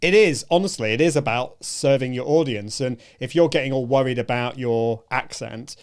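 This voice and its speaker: A man's voice: mid-range voice, normal speed, clear, resonant tone. Guy hosting a chat show, encouraging, keeps restarting his sentences. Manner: encouraging, hesitant with many restarts. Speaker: show host. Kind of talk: casual conversation.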